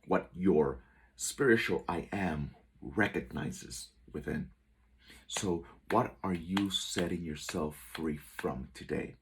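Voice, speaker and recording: A man speaking as a spiritual teacher, delivering an inspirational message in slow, measured, repeated affirmations. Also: low voice, husky.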